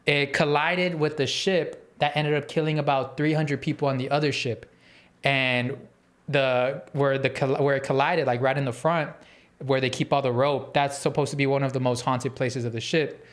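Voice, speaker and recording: A man on a podcast telling a story in a casual, animated, rambling way, full of fillers and restarts. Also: mid-range voice, moderate pace. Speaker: podcast host.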